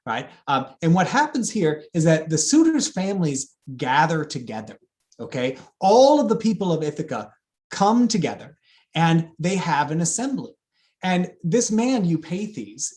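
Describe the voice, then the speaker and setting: Animated male lecturer. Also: on the high side, normal speed. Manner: lively, with fillers and asides to the audience. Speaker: classics lecturer. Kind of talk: public lecture on epic poetry.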